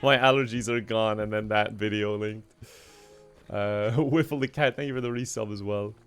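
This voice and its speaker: A man's voice: fairly low pitch, steady tone, moderate pace, fairly bright tone, smooth, faint music behind. A young man streaming a game, chatting casually, laughing often and reading out donations. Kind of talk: casual live-stream chat while gaming.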